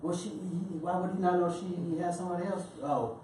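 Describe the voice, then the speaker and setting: Quiet deadpan man in an echoey room. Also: sits high, a little fast. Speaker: podcast co-host. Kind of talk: casual chat. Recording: echoey room, distant mic, faint hiss.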